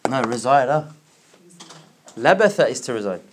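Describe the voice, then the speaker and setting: A man teaching a religious class, explaining word by word and asking his students questions, with quick recited verses. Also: mid-range voice, very animated, slight background noise. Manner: recites verses in rapid chant.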